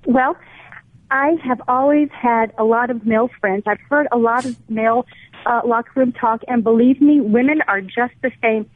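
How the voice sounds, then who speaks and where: A woman's voice: fairly high pitch, moderate pace. Woman caller on a tinny phone line. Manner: hesitant, restarts, earnest. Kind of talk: call-in radio conversation. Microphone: telephone.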